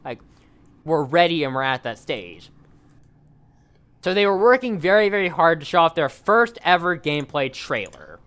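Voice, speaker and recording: A man telling a story in a casual podcast chat, rambling quickly with many restarts and fillers. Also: a little high, pushed and bright, clean tone.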